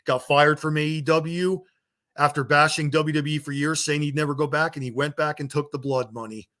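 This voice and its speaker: A man's voice: fairly high pitch, steady tone, moderate pace, sharp tone. A man delivering a heated, blunt rant to his viewers, swearing and scolding them as a wrestling vlogger. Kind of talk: angry rant to camera.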